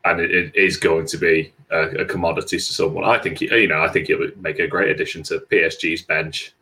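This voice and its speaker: A man with a very low, deep voice talks football with a friend in a loose podcast chat. He stops and restarts often and slips in dry jokes. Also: steady tone, sharp tone. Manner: halting, repeats words, dry jokes. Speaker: podcast co-host.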